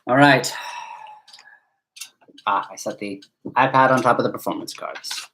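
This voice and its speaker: A man's voice: medium pitch, measured pace, background noise. A man joking and teasing himself while playing a party card game with a friend. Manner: joking, self-mocking. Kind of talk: casual game banter.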